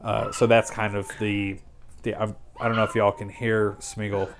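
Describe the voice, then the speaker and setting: A man hosting a stream, casually retelling plots in a sarcastic, rambling way with quick quoted asides. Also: lowish voice, level tone, background noise. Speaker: streamer host. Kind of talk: casual chat.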